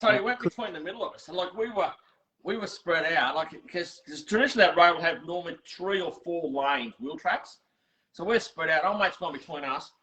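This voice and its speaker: An Australian man hosting a casual online catch-up, telling stories with quick laughs and lots of restarts. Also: fairly high pitch, pushed and bright. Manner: chatty storyteller, quick and laughing, many restarts. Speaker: host. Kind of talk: casual chat. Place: home workshop. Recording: lo-fi video call audio.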